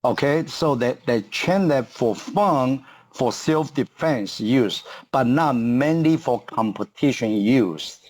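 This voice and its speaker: Halting man in his fifties, English. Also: medium pitch, expressive, a little mellow. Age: 50s. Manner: halting, searches for English words with many fillers and restarts. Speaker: guest, martial arts coach. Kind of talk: podcast interview.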